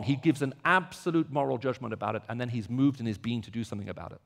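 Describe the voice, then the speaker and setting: A man preaching a sermon, moving from quiet reflection to loud, emphatic repetition. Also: mid-range voice, quick pace, creaky, few pauses, big-room sound.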